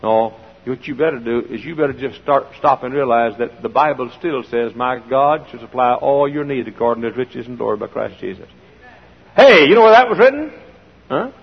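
A man preaching a sermon in a folksy style, full of rhetorical questions, swinging between loud and hushed. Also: medium pitch, expressive, fairly quick, vocal fry, husky. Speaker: pastor. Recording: dull old sermon recording in a large hall.

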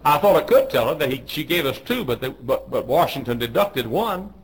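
A man preaching a sermon, telling a story in a folksy way, clearing his throat and restarting often. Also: medium pitch, sing-song, brisk, a little hiss or hum, low-quality recording. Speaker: pastor.

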